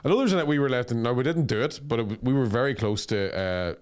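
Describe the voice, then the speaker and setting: A man's voice: medium pitch, quick pace. A man, co-hosting a podcast in a sweary, joking, casual chat. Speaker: podcast co-host.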